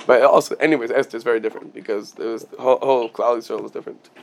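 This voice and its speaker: A man's voice: medium pitch, fairly even intonation, racing, gravelly, slight background noise. A man teaching a casual Talmud class, explaining with everyday examples and often restarting his phrases.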